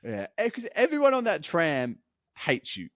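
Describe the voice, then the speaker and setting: A man co-hosting a podcast, chatting casually with quick reactions and frequent laughs. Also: fairly high pitch, wildly swooping pitch, fairly bright tone, no echo, clean studio sound. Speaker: podcast co-host. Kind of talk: casual chat.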